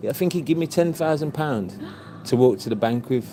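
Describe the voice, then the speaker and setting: A man's voice: medium pitch, expressive, fairly quick, background noise. A man, a tailor and shirtmaker, chatting casually and telling a rambling story with many fillers. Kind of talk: casual chat.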